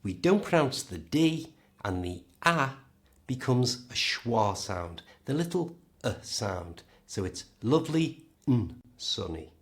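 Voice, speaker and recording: A man with a British accent teaching a pronunciation lesson, modelling each word slowly and clearly. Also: medium pitch, sing-song. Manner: slow, clear, modelling words for the learner. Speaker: English teacher.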